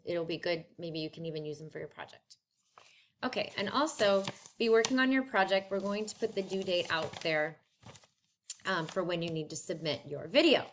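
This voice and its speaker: A woman's voice: mid-range voice, slight background noise. A woman French teacher recording a lesson at home, talking in a friendly, chatty way and switching between English and French.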